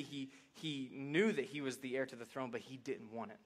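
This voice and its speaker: Male pastor, folksy, animated sermon delivery. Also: moderate pace. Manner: animated, swings from soft reflective lows to loud excited highs; folksy, addresses congregation as y'all. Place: church sanctuary.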